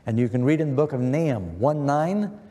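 A man's voice: mid-range voice, animated, fairly quick, warm tone. A middle-aged man preaching an earnest sermon, quoting scripture with emphasis. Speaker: pastor. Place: church. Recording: long church reverb.

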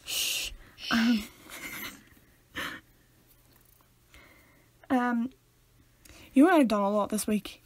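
A woman's voice: fairly high pitch, drawn-out words, long pauses, no room sound. A young woman, co-hosting a podcast in giggly, casual chat. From Northern Ireland. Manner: chatty, giggly, slips into voices when telling stories. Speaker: podcast co-host.

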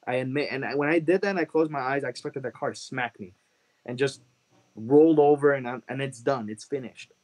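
A man's voice: medium pitch, a little fast, a little mellow. A man from Chicago, a guest telling an emotional personal testimony in an earnest way and repeating phrases for emphasis. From Chicago, USA.

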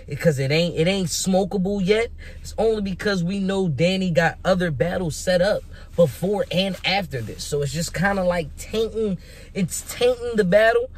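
Husky, hyped young man with lively pitch. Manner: animated, emphatic and rhetorical, with frequent repeats. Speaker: vlogger making predictions. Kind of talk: casual hyped commentary.

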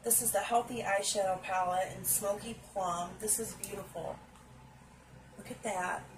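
In a casual unboxing video shot at home, a woman sits on a stool and gushes over makeup, exclaiming frequently and addressing viewers directly. She has a steady, mid-range voice and a moderate pace, and the background is noisy.

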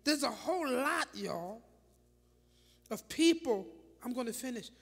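A woman bishop preaching a sermon in a church, dramatic and animated, firing rhetorical questions at the congregation with laughing asides. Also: on the high side, unhurried, creaky, husky. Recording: long reverb of a large church hall.

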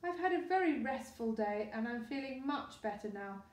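A woman voicing a tired, gentle mother in a storybook reading, soft and weary, with a distant, echoey sound. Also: fairly high pitch, lively intonation, normal speed, lightly acted. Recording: roomy echo, distant mic.

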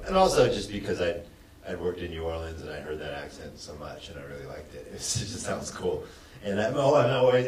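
Actor on a panel: very deep male voice, relaxed and easygoing, distant mic. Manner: relaxed, laughs easily, repeats words. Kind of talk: casual panel conversation. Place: auditorium at a screening event. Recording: echoey hall from far off, faint noise.

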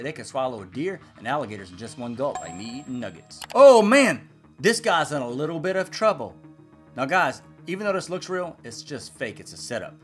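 Guy reacting to wild animal clips, jokey, loud outbursts, pitch all over the place, light music behind. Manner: playful, quick jokes, sudden loud exclamations. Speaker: reaction video host.

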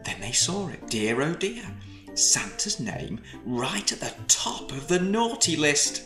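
A man reading a children's storybook aloud in an expressive, storytelling way. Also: on the high side, slow pace. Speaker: storybook reader. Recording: echoey room. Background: faint background music.

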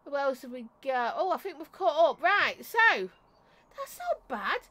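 A woman's voice: sits high, expressive, normal speed, sharp tone. A woman hosting a casual live stream from home, chatty and affectionate, greeting viewers by name and coughing now and then. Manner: coughs and clears throat often. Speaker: vape reviewer and livestream host.

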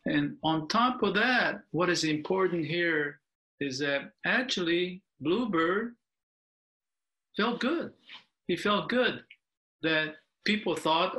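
An older male minister reads a picture book aloud at a slow, unhurried pace. His voice is bright and a little high, and he pauses now and then to explain the story. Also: low-quality recording. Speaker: Buddhist minister. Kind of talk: reading a picture book within a sermon.

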